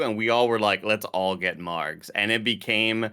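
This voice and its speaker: A man's voice: fairly low pitch, steady tone, unhurried, sharp tone, clean tone. A man co-hosting a podcast, recounting a night out in an upbeat, easygoing way. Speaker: podcast co-host. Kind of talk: casual storytelling chat.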